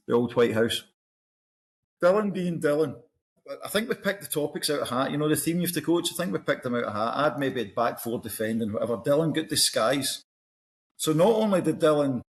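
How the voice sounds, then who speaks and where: A middle-aged Scottish man, a podcast guest, chatting casually and telling animated stories. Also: mid-range voice. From Scotland. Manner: storytelling, animated anecdotes. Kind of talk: casual chat.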